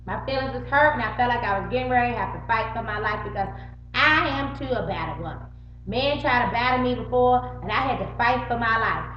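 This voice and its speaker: A middle-aged woman with a fairly high voice recounts a fight in a loose, animated vlog style. She curses without hesitation and jumps between her own lines and everyone else's. The recording is roomy and slightly muffled, with a faint hum under it. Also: a little fast, soft background music. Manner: animated, swears freely, acts out both sides of arguments. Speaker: vlogger. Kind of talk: casual storytelling to camera.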